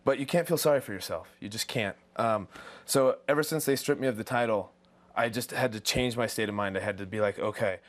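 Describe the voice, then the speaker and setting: A man with a lowish voice speaks as a professional wrestler in an interview. He is earnest and fired up, pressing his points hard. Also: fairly quick. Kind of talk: backstage interview.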